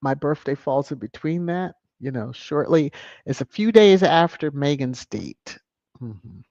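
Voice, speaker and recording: Animated host reading a live chat. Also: a little slow, dry recording. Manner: animated, with sudden high whoops and chuckles. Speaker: channel host. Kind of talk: casual livestream chat, reading viewer comments. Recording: dull, dry lo-fi audio.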